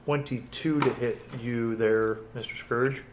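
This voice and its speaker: Male game master, mid-pitch, tallies rolls aloud and fixes his own slips; casual tabletop session. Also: steady tone, measured pace, noisy background. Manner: counts dice aloud, corrects himself mid-sentence.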